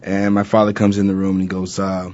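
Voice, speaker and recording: A man from Arizona tells a personal story with animated energy, playing out old conversations and filling his pauses with "uh" and "you know". His voice sits somewhat low, and the recording sounds slightly muffled. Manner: animated retelling, acting out past dialogue with many fillers. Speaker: former college football player.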